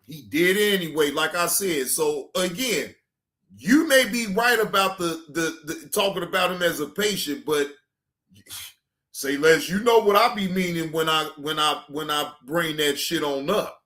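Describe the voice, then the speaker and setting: High, bright-voiced man reacting loudly. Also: measured pace. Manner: animated, loud bursts of laughter and shouting. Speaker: reaction streamer. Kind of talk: casual reaction commentary.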